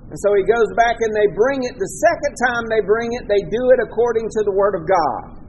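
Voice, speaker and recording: A man's voice: high voice, brisk, a little hiss or hum, poor audio. A male pastor with a Southern American accent, preaching a sermon emphatically, with his voice rising and falling for effect.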